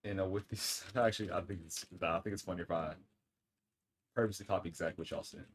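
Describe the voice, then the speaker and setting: A man streaming casually, teasing his chat and breaking into loud, excited outbursts. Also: low-pitched, fast. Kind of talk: casual live-stream chat, reading chat and AI replies aloud.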